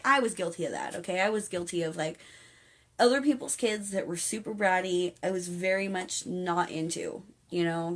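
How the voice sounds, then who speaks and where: A young woman hosting a casual spiritual live stream at home, chatting earnestly and reading viewers' comments aloud as she rambles along. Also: on the low side. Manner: earnest, coaxing encouragement. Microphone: phone or webcam on a live stream.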